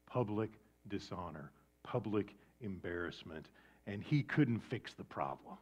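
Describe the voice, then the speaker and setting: A man preaching a sermon with dramatic swings from loud emphasis down to a hushed near-whisper. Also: on the low side, lively intonation, unhurried, slightly rough. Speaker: pastor. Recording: dull lo-fi sound.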